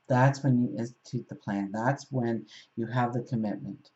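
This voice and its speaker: Mellow-voiced woman telling a tarot story. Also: very deep voice, steady tone, normal speed, lo-fi sound. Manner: storytelling, gently encouraging. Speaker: tarot reader. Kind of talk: spoken tarot reading with storytelling.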